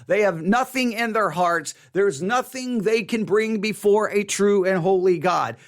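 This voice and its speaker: Earnest high-voiced man teaching scripture. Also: unhurried. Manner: earnest, stumbling restarts, emphatic repetition. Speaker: Bible study teacher. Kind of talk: unscripted Bible study teaching.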